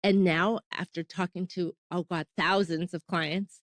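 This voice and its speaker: A woman's voice: lowish voice, fairly even intonation, measured pace, no echo. A Canadian woman in her thirties, hosting a podcast and candidly recounting her personal fertility story in a casual, emotional way, often acting out what people said. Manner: candid, emotional retelling with quoted dialogue.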